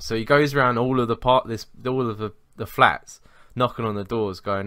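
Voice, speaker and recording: A man's voice: fairly low pitch, fairly even intonation, normal speed, few pauses, a bit bright, no room sound, clean studio sound. A man co-hosting a podcast, telling a rambling work story in casual chat, swearing and laughing as he goes. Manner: rambling, swearing, laughs at his own stories. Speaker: podcast co-host.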